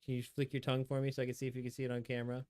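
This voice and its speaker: A man chatting casually on a stream about his pet reptiles, explaining their behavior and coaxing them in a high, playful voice. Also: completely flat delivery, racing, darkish tone, smooth. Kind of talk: casual chat with pets on stream.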